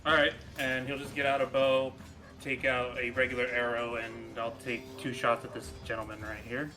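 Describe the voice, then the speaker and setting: A man's voice: medium pitch, little pitch movement, normal speed, music in the background. A man playing a tabletop game, eagerly describing in detail how his character attacks. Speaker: player. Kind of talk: casual tabletop play.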